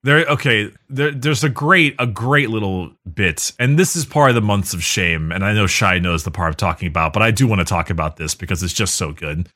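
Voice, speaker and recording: Enthusiastic man, bright rambling chat. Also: on the low side, animated, brisk, few pauses. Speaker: podcast co-host. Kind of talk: casual chat.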